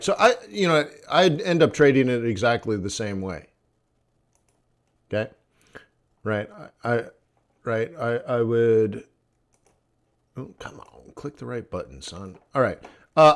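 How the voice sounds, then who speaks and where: Blunt, tired forex trading teacher. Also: male voice, mid-range voice, darkish tone. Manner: blunt, sardonic, thinking aloud over charts. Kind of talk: live-streamed trading lesson.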